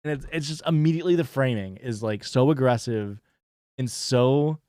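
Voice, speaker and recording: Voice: mid-range voice, moderate pace, dark tone, dry recording, studio quality. A stream host reacting to a TV show in casual, rambling commentary, sarcastic and full of swearing.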